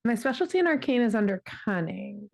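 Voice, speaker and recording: A woman's voice: on the high side, big pitch swings, a little fast, creaky. A woman playing a tabletop role-playing game, chatty and thinking aloud as she adds up her dice. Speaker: player. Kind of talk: casual tabletop play.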